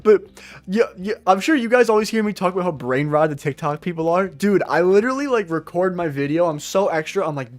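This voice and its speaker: A man's voice: sits high, animated. A young man hosting a trading livestream, reading viewer comments aloud in loose, joking slang. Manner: loose, joking, slangy, reacts to chat with quick laughs. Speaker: livestream day trader. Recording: faint music behind the voice.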